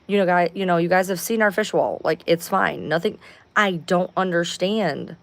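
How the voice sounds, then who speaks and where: A woman's voice: fairly low pitch, a little fast, dry recording. A woman hosting a casual livestream from home, rambling, swearing freely and sounding exasperated. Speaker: livestream host.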